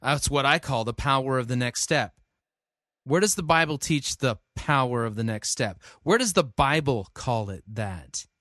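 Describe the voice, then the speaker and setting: A man's voice: medium pitch, animated, normal speed, a bit bright, no room sound, studio quality. A man reviewing a sermon, skeptical and challenging, repeating the preacher's phrases back to question them. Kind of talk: critical commentary.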